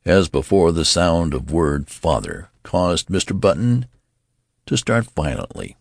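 A male narrator reading a story in a very deep voice with a gravelly, husky grain. His delivery is expressive and animated. The recording is dry and close to the mic. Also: unhurried, no room sound. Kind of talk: audiobook narration.

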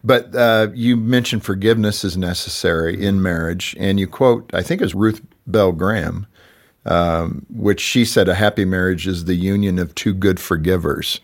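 A man interviewing an author, asking calm, measured questions. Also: low-pitched.

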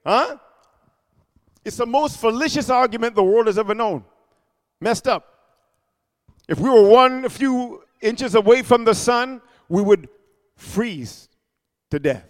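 Preacher, male, high voice, emphatic sermon delivery, long hall reverb. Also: animated, unhurried, long pauses. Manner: emphatic, calls for amens, swings from shouting to hushed.

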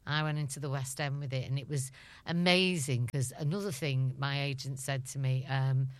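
Woman, Scouse accent, middle-aged, interview guest, chatty storyteller, deep voice, dry close sound. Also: fairly even intonation, moderate pace, dry recording. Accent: Liverpool (Scouse). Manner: chatty storyteller, laughs often. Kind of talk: anecdotal interview chat.

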